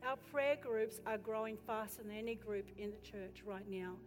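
A woman pastor preaching a sermon with passion, building to loud exhortation and turning to the congregation with chatty questions and asides. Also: mid-range voice, moderate pace, slight background noise. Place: church. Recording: echoey hall with faint music.

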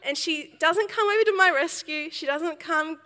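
Bright young woman preaching in a hall. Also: extremely high pitch, moderate pace. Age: young adult. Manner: storytelling with laughs and acted quotes, animated. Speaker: speaker at a church service. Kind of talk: sermon.

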